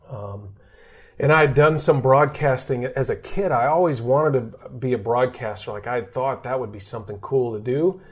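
A man's voice: mid-range voice, moderate pace, husky. A man from Texas who works as a sportscaster, telling stories in a podcast interview and acting out the voices of people he quotes. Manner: animated, acts out quoted voices. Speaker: guest sportscaster. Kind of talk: casual storytelling interview.

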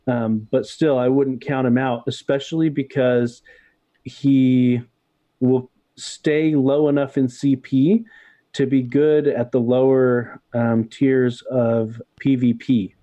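A man's voice: mid-range voice, level tone, slow, mellow, no room sound. A man co-hosting a podcast, explaining things in a hesitant way with many fillers. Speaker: podcast co-host. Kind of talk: casual podcast chat. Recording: dull, dry sound.

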